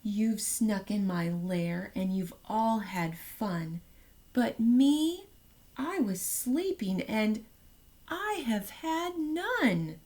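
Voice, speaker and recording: A woman voicing a big male bear from a picture book, who complains in a high, whiny, loud voice. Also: sing-song, extremely slow. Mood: sulky complaint.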